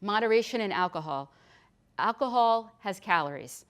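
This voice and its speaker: A woman's voice: mid-range voice, animated, normal speed. A middle-aged woman nurse practitioner giving a chatty, practical health lecture. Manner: chatty and practical, with frequent restarts. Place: hospital lecture room.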